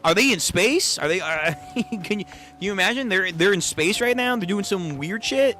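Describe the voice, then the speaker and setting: Man, casual reaction commentary, animated, swears a lot, bright and forceful tone, somewhat high voice, faint music behind. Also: normal speed. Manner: animated, swears freely, exclaims in disbelief. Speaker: manga read-through reactor.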